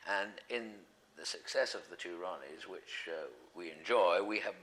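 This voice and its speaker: Low-voiced man telling anecdotes. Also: normal speed, a bit bright, poor audio. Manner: rambling, with frequent ums and self-corrections. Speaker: interview guest. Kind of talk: relaxed anecdotal chat.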